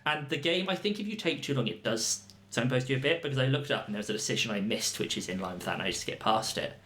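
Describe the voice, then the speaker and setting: Laid-back guy on a gaming podcast, mid-pitch voice, sounds a bit far from the mic. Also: lively intonation, fast talker, bright, forceful tone, reverberant, a little hiss or hum. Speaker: podcast co-host. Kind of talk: casual chat.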